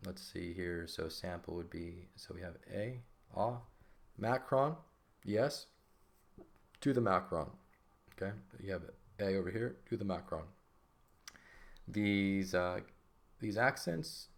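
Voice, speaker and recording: With a low, creaky voice, a Latin teacher leads a grammar lesson on a shared screen. He talks in a casual, conversational way and keeps checking in by asking "right?".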